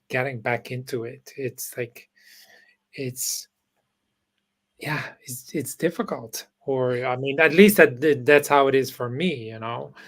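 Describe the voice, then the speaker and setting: A man hosting an interview, talking in a halting way with many restarts and fillers over a video call. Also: medium pitch, fairly bright tone. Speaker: podcast host. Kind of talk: casual interview chat.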